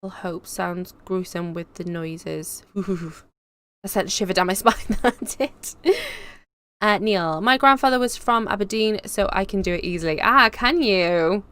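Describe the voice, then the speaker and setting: A woman's voice: medium pitch, unhurried, a bit bright, clear, resonant tone. A young woman with a Cardiff Welsh accent chats her way through a live stream, reading comments aloud. She rambles freely and laughs often, keeping a casual, easygoing tone throughout. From Wales. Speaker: YouTube host reading live chat.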